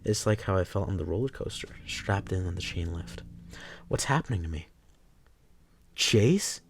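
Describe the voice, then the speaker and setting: A male streamer reading a story game aloud, swearing freely and breaking off into excited reactions. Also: sits low, brisk, slight background noise.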